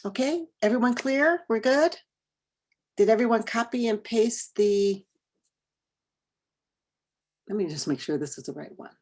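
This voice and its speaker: A woman leading a training session over a video call, talking conversationally and quizzing her group with quick questions. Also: on the high side, expressive, darkish tone. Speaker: workshop trainer.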